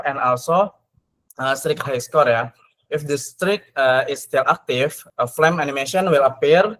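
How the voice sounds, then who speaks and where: A man's voice: medium pitch, a bit bright. Man presenting updates, tagging lines with "ya". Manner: tags sentences with "ya", many fillers. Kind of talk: casual screen-share presentation. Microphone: video call.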